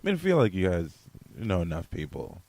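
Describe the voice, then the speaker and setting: Casting: rapid-fire, low-voiced man, blunt joking guest. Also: wildly swooping pitch, vocal fry, darkish tone. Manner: blunt, joking, swears casually. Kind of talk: casual chat.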